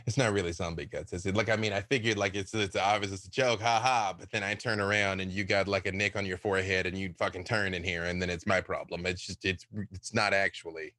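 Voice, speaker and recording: Man playing a blunt, sardonic woman squad leader, bright tone, dry. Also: low voice, fairly even intonation, quick pace, hardly any pauses, no room sound, voice pushed down. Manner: sarcastic, blunt.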